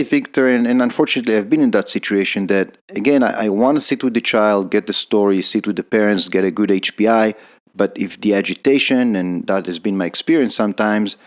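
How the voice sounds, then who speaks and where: A man, an emergency physician hosting a podcast, asking questions and affirming his guest's answers. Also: on the low side. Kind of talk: interview questions.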